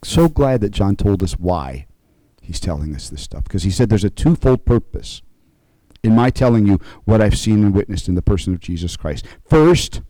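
Mellow low-voiced male pastor preaching. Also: expressive, no echo, poor audio. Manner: conversational preaching, frequent "okay?" check-ins; slows and rises to stress key points. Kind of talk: sermon.

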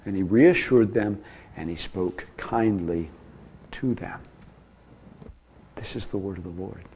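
A man preaching a sermon as pastor, with a dynamic delivery that swings from soft, low passages to emphatic, raised ones. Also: takes it slowly, a little hiss or hum.

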